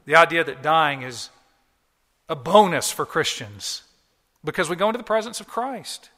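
A man's voice: fairly high pitch, expressive, moderate pace, bright, forceful tone, big-room sound. A man preaching a sermon as pastor, earnest and emphatic, often repeating key phrases. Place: church.

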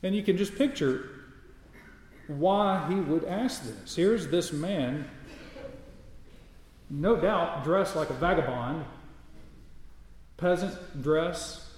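A man's voice: a little high, lively intonation, slow pace, long pauses, a little mellow, heavy reverb, long reverb tail, slight background noise, rough recording. A man preaching a sermon, reading scripture aloud and building his points through repeated emphatic phrases. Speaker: pastor.

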